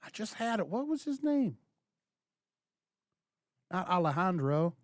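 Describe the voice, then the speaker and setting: A man with a fairly high voice that swings up and down a lot as he chats playfully on a morning radio show. His voice is close and dry, with no echo from the studio. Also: measured pace. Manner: playful, lively, slips into mock accents. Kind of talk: casual morning show banter.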